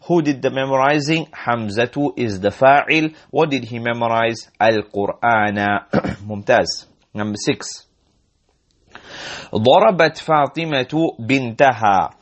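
A man teaching an Arabic grammar lesson, repeating example sentences slowly and asking and answering his own questions, clearing his throat now and then. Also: mid-range voice.

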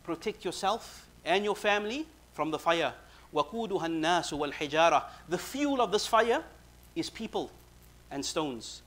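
Fast-talking male preacher, high voice. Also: animated, fairly bright tone. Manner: recites verses quickly, then explains in casual English. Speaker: Islamic preacher. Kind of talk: sermon with verse recitation and translation.

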